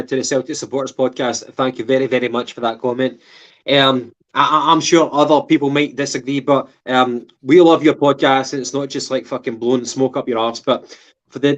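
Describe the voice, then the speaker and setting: A Scottish man co-hosting a casual football podcast, rambling with restarts and plenty of swearing. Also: medium pitch. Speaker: podcast co-host. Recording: dull lo-fi sound.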